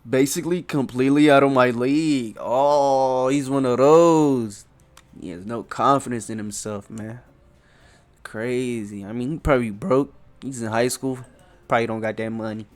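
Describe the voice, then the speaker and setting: A young man commenting on a visual novel as he plays, loud and joking, full of slang. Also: medium pitch, moderate pace, soft background music. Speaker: gaming streamer. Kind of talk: casual gameplay commentary.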